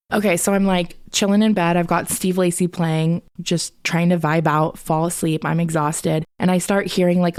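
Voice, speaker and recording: Low, gravelly woman podcast host. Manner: candid, conversational, swears freely. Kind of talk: casual storytelling.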